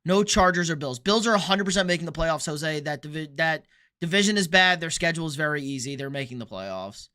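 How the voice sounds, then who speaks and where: A young man from Texas talks in a fairly high, animated voice, sharp in tone yet smooth, with a Texan accent. On his casual sports livestream he bluntly answers viewer comments, joking, opinionated and full of quick asides.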